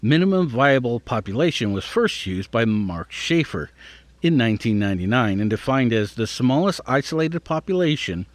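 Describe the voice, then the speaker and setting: This podcast host, a man with a mid-range voice, reads an article aloud at a normal speed and sounds very animated. He keeps stopping to muse on it and stumbles over difficult words, all on a dry recording.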